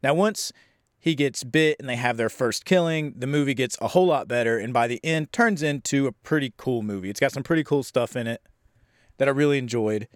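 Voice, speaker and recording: A young man casually reviewing an old horror film, rambling, sarcastic and profane, acting out scenes in quick voices. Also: medium pitch, no echo, clean studio sound.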